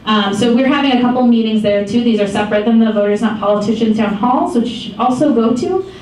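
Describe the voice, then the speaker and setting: Young woman from michigan, chatty storyteller, fairly high voice, echoey hall, mic far off. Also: quick pace. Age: 20s. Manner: chatty, animated storyteller with many ums and laughs. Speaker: founder giving a talk. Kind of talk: casual public talk. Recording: echoey far-off room mic with faint noise.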